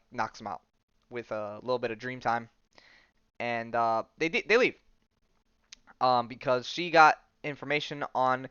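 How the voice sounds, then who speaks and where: A man's voice: mid-range voice, a bit bright, clean tone, no echo, dull audio. A man hosting a podcast, casually recapping a comic storyline in a rambling way full of ums and likes. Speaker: podcast host.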